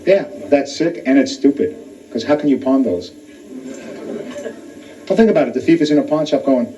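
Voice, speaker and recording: A man doing a stand-up comedy routine in a comedy club, working the crowd between quick punchlines. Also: mid-range voice, expressive. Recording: distant lo-fi club recording. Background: audience laughter.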